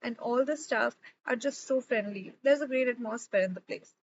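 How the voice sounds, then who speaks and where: A woman's voice: on the high side, moderate pace, lo-fi sound, a little hiss or hum, natural voice. A woman reading the part of an enthusiastic young woman in an audiobook. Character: cheerful young woman, daughter.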